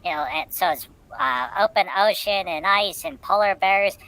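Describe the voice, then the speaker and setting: A woman's voice: medium pitch, moderate pace, a bit bright, poor audio. A woman co-hosting a casual chat show, telling rambling jokes with many fillers. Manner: rambling joking storyteller. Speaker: co-host.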